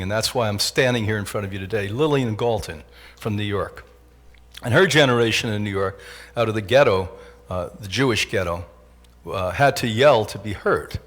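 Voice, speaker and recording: A man in his sixties giving a joking, animated motivational lecture to a live audience as a health institute director. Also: fairly low pitch. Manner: animated, joking, often laughs at his own lines.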